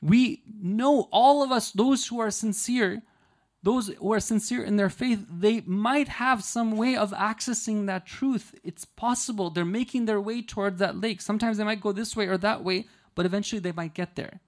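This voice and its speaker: Earnest man giving a sermon. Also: high voice. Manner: earnest, explanatory, with frequent rhetorical "right?" checks; storytelling, slowing down to stress key lines. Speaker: religious lecturer.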